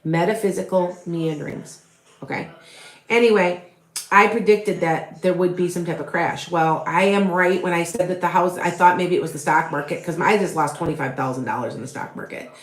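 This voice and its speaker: Middle-aged female psychic, rambling and chatty, low voice, reverberant room. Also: fairly even intonation, moderate pace. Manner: rambling, chatty, many fillers and restarts. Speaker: tarot reader and psychic medium. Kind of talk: live tarot reading with viewer questions. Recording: echoey room.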